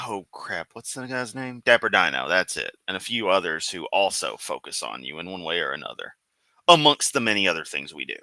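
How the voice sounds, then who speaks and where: Sarcastic man with a bright, dry voice. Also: fairly low pitch, smooth, dry recording. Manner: sarcastic, rambling, talks back to the clip. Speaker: commentary host reacting to clips. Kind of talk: casual reaction commentary.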